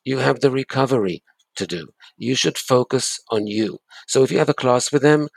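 A man's voice: medium pitch, expressive, moderate pace, gravelly, no room sound. A man giving breakup advice in an interview, earnest and emphatic, often repeating his key points. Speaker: guest expert on breakups.

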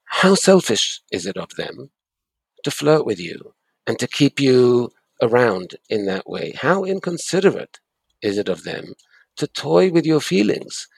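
A man's voice: mid-range voice, sing-song, measured pace, vocal fry, breathy edge, dry recording. A man giving breakup advice in an interview, earnest and emphatic, often repeating his key points. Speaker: guest expert on breakups.

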